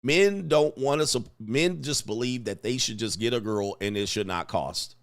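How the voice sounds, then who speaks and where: Smooth and medium-pitched at a normal speed, a middle-aged livestream host laughs his way through an animated, slangy story. He also reads viewer comments out loud.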